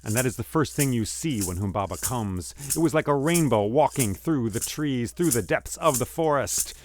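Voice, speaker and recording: A male storyteller telling an ancient myth in a dramatic way, dropping to a hush and rising loud. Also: mid-range voice, expressive, normal speed, a little hiss or hum. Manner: dramatic, swings from hushed to loud.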